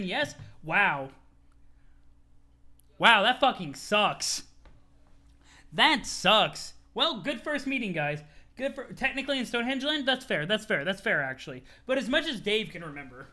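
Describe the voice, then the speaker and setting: A young man hosts a live-streamed read-along, talking in a high, bright, forceful voice. He is animated and loose, swears casually, and chats back to his viewers as he reads. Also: measured pace.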